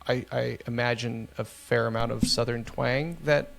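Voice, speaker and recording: Gravelly-voiced man in casual podcast chat. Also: mid-range voice, fairly even intonation, normal speed, a little hiss or hum. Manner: hesitant, repeats words, laughs easily. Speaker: podcast host.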